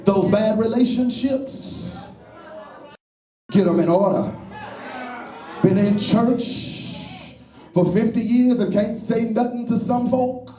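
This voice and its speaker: A man preaching a sermon with call-and-response, shouting and then dropping low. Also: takes it slowly, pauses often. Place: church. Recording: echoey church from far off.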